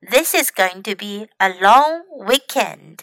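A woman whose native language is Chinese, teaching English as a teacher and reading lines aloud with clear, careful enunciation. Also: medium pitch, animated, slow pace, a bit bright, no room sound, rough recording. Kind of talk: bilingual read-aloud lesson.

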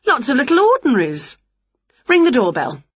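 A scatty, cheerful witch from a storybook, as a woman reads her aloud. She sounds high and excited and stretches her words out playfully. Her voice is husky and swoops widely, and the recording is dull and lo-fi. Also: moderate pace, dry recording, full character voice. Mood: eager.

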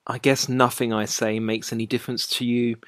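A woman's voice: very deep voice, flat delivery, a little fast, no room sound, studio quality. A woman playing a flustered, pleading young man. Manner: pleading, exasperated. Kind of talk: dramatized short story reading.

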